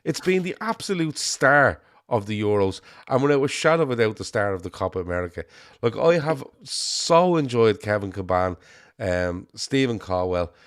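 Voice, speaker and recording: A man's voice: fairly low pitch, lively intonation, moderate pace, no room sound, clean studio sound. A man with a Liverpool accent hosting a casual football podcast, chatty and rambling, swearing casually. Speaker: show host.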